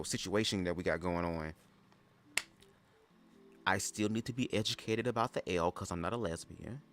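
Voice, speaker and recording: Young male streamer, deep voice, sassy and conversational, riffs to viewers as "girl". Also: a bit bright, a little hiss or hum. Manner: chatty, sassy, keeps addressing listeners as "girl". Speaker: livestream host reading a book aloud. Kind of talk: casual livestream commentary.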